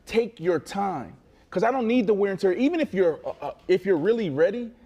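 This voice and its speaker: Animated man telling boastful sports stories. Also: sits high, fairly quick, husky, highs cut off. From Florida. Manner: animated, boastful storytelling with many restarts. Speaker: co-host. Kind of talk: casual sports talk.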